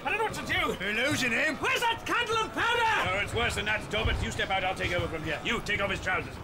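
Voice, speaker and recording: A frantic ship surgeon. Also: male voice, sits high, lively intonation, fast talker, very noisy. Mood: frantic, commanding. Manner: barking urgent orders. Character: frantic old-fashioned ship surgeon, bossy man. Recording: film clip with loud music.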